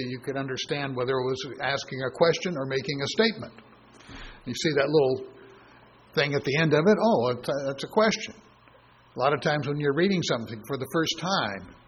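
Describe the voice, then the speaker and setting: A man preaching in a sermon with a mid-pitched voice. He teaches scripture by reasoning aloud and answering objections he imagines from his listeners. A faint hiss sits behind him. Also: muffled recording. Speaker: Bible teacher.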